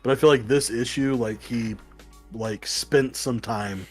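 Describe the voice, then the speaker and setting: A man co-hosting a casual podcast, talking through a comic book review in a rambling, excited way and swearing casually. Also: medium pitch, unhurried, breathy edge, soft background music. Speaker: podcast co-host.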